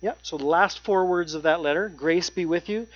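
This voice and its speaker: A preacher giving a sermon, stressing key points by repeating phrases and slowing down on them. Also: medium pitch. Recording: dry, dull lo-fi sound.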